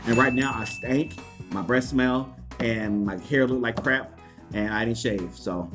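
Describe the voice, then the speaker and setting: A man vlogging an unboxing in an excited, casual way, laughing often and jumping high in pitch when thrilled. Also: a little slow, over loud music. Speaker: YouTube vlogger.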